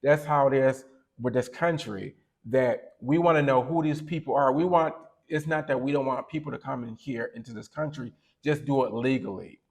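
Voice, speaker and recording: A man's voice: mid-range voice, normal speed. A man co-hosting a podcast, giving opinionated casual commentary that rambles and corrects itself as he goes. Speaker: podcast co-host.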